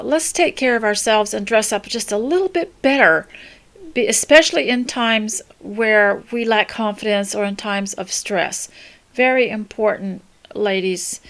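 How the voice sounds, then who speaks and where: Older female host, mid pitch, gentle rambling advice talk, frequent ums and restarts. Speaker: homemaking podcast host. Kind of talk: casual spoken advice talk.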